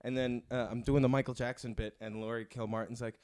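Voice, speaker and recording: A male comedian, a guest on a podcast, tells a loose, rambling story in casual chat. He peppers it with "like" and slips into quoted voices of the people involved. His voice sits at an ordinary pitch for a man. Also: level tone, quick pace, a little mellow, clear, resonant tone, no room sound, clean studio sound. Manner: rambling anecdotes full of "like" and mimicked quotes.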